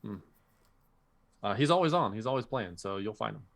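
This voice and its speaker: A man's voice: fairly low pitch, animated, fairly quick, creaky. A man co-hosting a podcast in casual chat, reading out listeners' picks and telling stories with animation. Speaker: podcast co-host.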